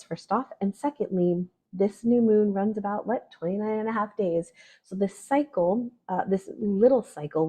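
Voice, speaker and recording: A woman's voice: on the low side, dark tone, breathy edge. A woman astrologer giving a casual spoken forecast, chatty and full of "right?" and "like". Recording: dull lo-fi audio.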